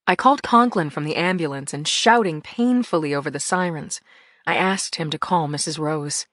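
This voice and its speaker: A woman's voice: on the low side, expressive, normal speed, a bit bright, dry recording, clean studio sound. A woman reading an audiobook in the first person, with tense, emphatic storytelling. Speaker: audiobook narrator.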